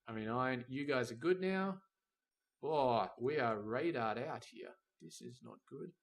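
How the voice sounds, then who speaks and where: A man's voice: mid-range voice, animated, a little slow, gravelly. A man giving casual let's-play commentary, thinking aloud as he plans a factory and chides the game's robots and trains. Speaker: gameplay commentator.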